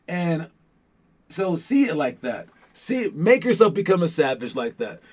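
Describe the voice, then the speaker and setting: A man hosting a casual motivational talk on a podcast, rambling and animated with lots of fillers, who grew up in Los Angeles. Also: on the high side, measured pace. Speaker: podcast host.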